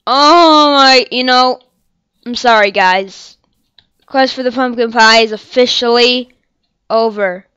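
Commentating her own gameplay for her channel, a young woman rambles apologetically and gets upset, crying out and shouting whenever she dies and loses. Her smooth, slightly high voice is unhurried and fairly even, with frequent pauses, in a dry recording from a dull lo-fi mic.

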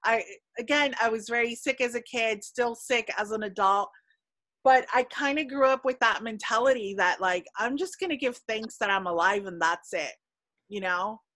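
A woman on a video call speaking earnestly and a little haltingly. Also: a little high, pushed and bright, no echo. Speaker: forum guest. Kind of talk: casual video call chat.

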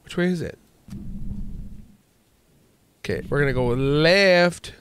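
A man hosting a gaming channel, commenting excitably and joking as he plays. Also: on the high side, slow, long pauses, smooth, no room sound. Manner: excitable, jokey, exclaims and laughs often. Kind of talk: let's play commentary.

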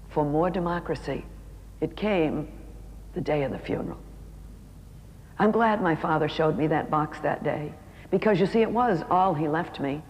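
A middle-aged woman speaking to an audience, her voice set a little low and carried by a long reverb through a large hall. She tells a story with feeling and stretches key words out slowly. A faint noise hums behind her. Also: darkish tone. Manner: emotive, slows down for emphasis. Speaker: author and speaker. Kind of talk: storytelling talk.

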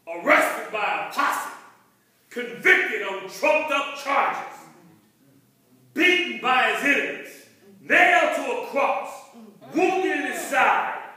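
High-voiced preacher in an echoey church. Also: male voice, recorded from a distance. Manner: rhythmic preaching, building to shouted refrains. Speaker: pastor. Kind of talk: call-and-response sermon. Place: church sanctuary.

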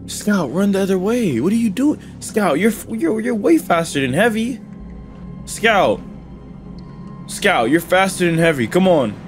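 A man with a high, lively voice swinging wildly up and down, reacting to a gaming video as he watches. He is excitable and slangy, shouting at the characters on screen, and there is faint music behind him. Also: measured pace. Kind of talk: live reaction commentary.

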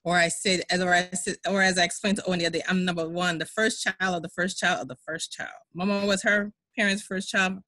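Bright dry-voiced woman on a video call. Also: fairly low pitch, fairly even intonation, no echo. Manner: chatty, rushing through asides. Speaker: relative on a family call. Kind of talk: casual remarks on a video call.

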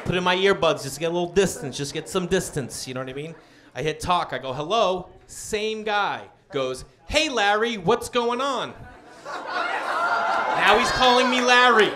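A man's voice: high voice, lively intonation, normal speed. A man telling a story in stand-up, acting out the voices of the other people in it. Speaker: stand-up comedian. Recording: live club crowd and noise.

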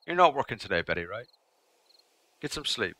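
A man's voice: medium pitch, big pitch swings, brisk, sharp tone. A man streaming a game live, chatting casually with his viewers in a rambling way that repeats itself.

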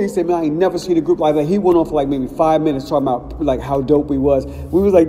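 A middle-aged man from Ohio telling casual stories as a podcast host, animated and acting out quotes. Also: on the high side, quick pace, hardly any pauses. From Cincinnati, Ohio. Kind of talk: casual storytelling. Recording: long reverb, faint background noise.

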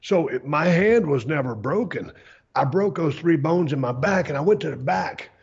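A middle-aged man hosting a podcast, explaining a story in a relaxed, plainspoken way. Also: a little high, moderate pace, gravelly, husky, highs cut off. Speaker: podcast host. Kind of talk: casual storytelling chat.

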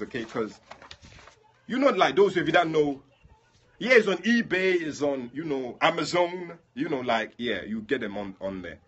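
A man's voice: medium pitch, a bit bright, slightly rough, muffled recording. A man leading a prayer livestream, chatting casually and addressing viewers by name.

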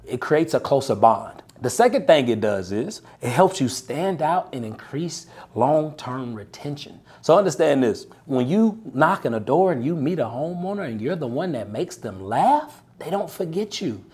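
A man, coaching sales reps in a punchy, animated, preacher-like way, often tagging lines with "right?". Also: mid-range voice, breathy edge. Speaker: sales coach and podcast host. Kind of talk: motivational sales coaching talk.

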